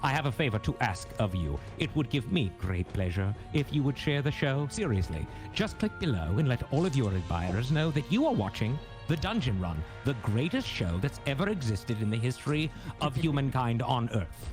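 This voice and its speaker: A grandiose, pompous alien lord presides over the evening, as a man puts him on. His voice leaps and plunges wildly in pitch, all flourish and theatre. Music plays beneath him. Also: big pitch swings, moderate pace, lightly acted. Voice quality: theatrical, pompous, swooping delivery. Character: flamboyant Illithid lord hosting, male, grandiose. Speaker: show host in character.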